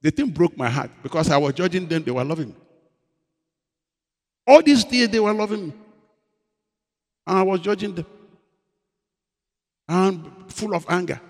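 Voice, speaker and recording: Fervent pastor preaching in a reverberant hall. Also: male voice, sits high, lively intonation, normal speed, long pauses. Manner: dramatic storytelling preacher, swinging between loud emphasis and hushed confession. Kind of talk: sermon.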